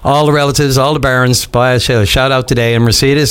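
A man hosting a call-in radio show, talking in a relaxed, rambling way with lots of fillers. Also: medium pitch, fairly quick, clean tone. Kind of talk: casual call-in radio chat.

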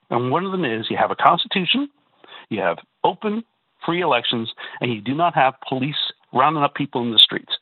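A man's voice: mid-range voice, sing-song, a little fast, slightly rough, no echo. Heated male caller on a phone line. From Canada. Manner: emphatic, repeats words, rhetorical asides. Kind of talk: call-in radio talk. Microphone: telephone.

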